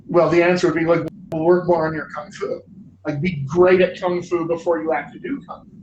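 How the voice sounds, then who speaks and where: A man's voice: fairly high pitch, level tone, a little fast, a little mellow. A man hosting a live Q&A as a dialect coach, giving chatty, enthusiastic advice with jokes, heard over a livestream microphone. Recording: roomy, distant, dull lo-fi audio with faint noise.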